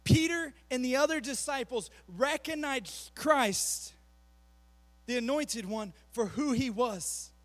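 Man, youth pastor, sermon, extremely high voice, dry close sound, animated, mocking impressions. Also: no echo. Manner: animated, acts out quotes in a mocking voice; rapid asides between slow emphatic phrases.

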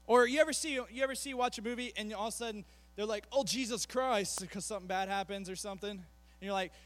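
A man preaching a sermon as a youth pastor, animated, with rapid asides between slow, emphatic phrases. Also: sits high. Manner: animated, acts out quotes in a mocking voice.

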